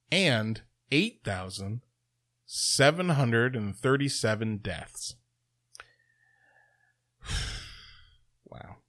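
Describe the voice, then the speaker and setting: A man's voice: mid-range voice, a bit bright. A man from Canada, reading news stories aloud and breaking off into sarcastic, profane asides. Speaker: host reading and commenting on news. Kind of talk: casual news commentary. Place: Toronto.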